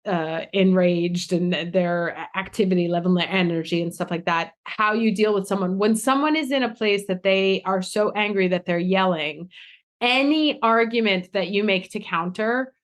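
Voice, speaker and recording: A woman's voice: medium pitch, normal speed. A woman hosting a podcast, talking with enthusiasm as she explains an idea in conversation. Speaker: podcast host. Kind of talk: conversational interview.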